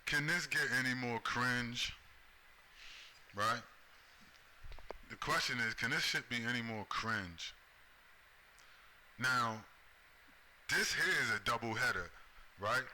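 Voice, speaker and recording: Bright-voiced man ranting, profane. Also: medium pitch, slow, long pauses, slight background noise. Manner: profane, repeats "right?" as a tag. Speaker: commentary host. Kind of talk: ranting video commentary.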